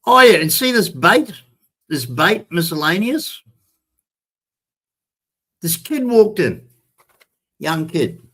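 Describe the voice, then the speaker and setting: An older vlogger tells a rambling story to camera, chatty and repetitive, calling his viewers "ladies and gentlemen." His husky voice sits high and sing-song, moving slowly with long pauses.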